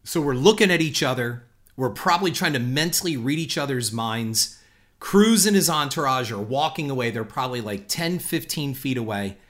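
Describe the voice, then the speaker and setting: Animated man telling a personal story. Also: mid-range voice, normal speed. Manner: animated, conversational, addresses listeners as folks. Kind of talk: storytelling anecdote.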